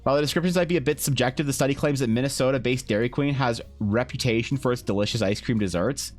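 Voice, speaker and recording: A man's voice: mid-range voice, quick pace, soft background music. A man streaming while painting, trading crude joking banter with his chat. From Canada. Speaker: art streamer. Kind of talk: casual livestream chat.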